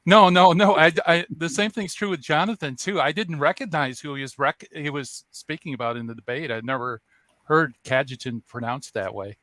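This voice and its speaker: A man's voice: fairly high pitch, moderate pace, sharp tone, dry recording. A man co-hosting a casual discussion, joking lightly and putting questions to a guest.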